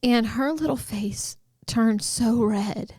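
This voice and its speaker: A woman's voice: on the high side, takes it slowly, a little mellow, breathy edge, dry recording, studio quality. A woman hosting a podcast, sharing a personal faith story in a heartfelt, chatty way, full of likes and you-knows. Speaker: podcast host.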